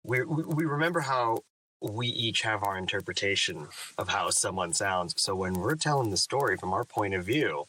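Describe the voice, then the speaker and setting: Bright-voiced thoughtful male narrator. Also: fairly low pitch, normal speed, recorded from a distance, poor audio. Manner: thoughtful, animated. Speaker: audiobook narrator and voice actor. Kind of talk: reflective interview talk.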